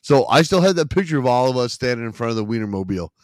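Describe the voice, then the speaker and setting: A man co-hosting a podcast in relaxed casual chat, swearing freely and laughing often. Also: medium pitch, racing. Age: adult parent. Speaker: podcast co-host.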